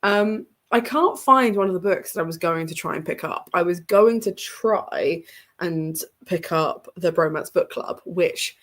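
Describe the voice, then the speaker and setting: A young woman hosting a reading livestream from home, sounding stuffy and congested, chatting in a rambling way with lots of ums and small laughs. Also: on the low side. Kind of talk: casual livestream chat. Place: home room with bookshelves behind her.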